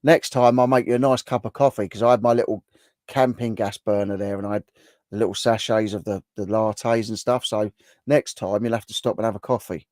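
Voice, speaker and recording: Middle-aged bloke rambling on a livestream, lowish voice, dry close sound. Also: male voice, steady tone, fairly quick, darkish tone, no echo. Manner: chatty and rambling, with many restarts. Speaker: livestream host. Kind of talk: casual live chat reading viewer comments.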